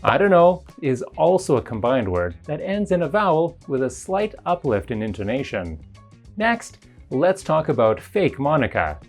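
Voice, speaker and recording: This is a scripted pronunciation lesson narrated by an English teacher in an explanatory style, with faint music beneath. Pitch varies considerably across phrases, yet the delivery stays calm, measured and even.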